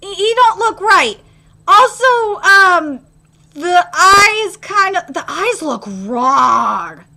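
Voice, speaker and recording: A young woman reacting live to an anime episode, excitable and swearing freely, jumping from loud squeals to low grumbles. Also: takes it slowly, vocal fry.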